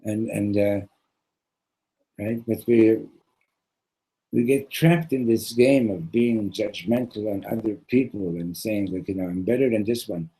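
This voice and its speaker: A man, a rabbi, giving a casual sermon with a joke, talking in a halting way with many repeated words and conversational asides. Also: fairly low pitch, warm tone, slightly rough, poor audio. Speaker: rabbi teaching a class.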